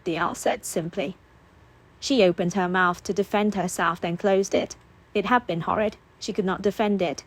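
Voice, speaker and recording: Woman narrating an audiobook, steady and expressive. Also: medium pitch, normal speed.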